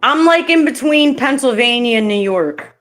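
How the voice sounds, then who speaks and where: A woman's voice: on the high side, expressive, moderate pace, fairly bright tone, a little hiss or hum. A woman from the northeastern United States hosting a casual live stream chat, laughing easily and saying "like" a lot.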